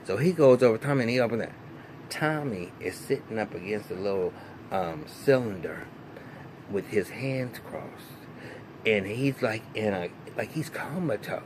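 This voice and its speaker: A man, recapping a TV episode in a casual, animated, profane way full of fillers and restarts. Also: fairly low pitch, moderate pace, background noise. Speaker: TV recap vlogger.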